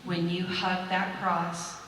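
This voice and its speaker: A woman's voice: fairly low pitch, completely flat delivery, slow, a bit bright. A woman moderating a convention panel, speaking as an emotional, gushing fan. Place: large convention hall. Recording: echoey hall from far off, noisy.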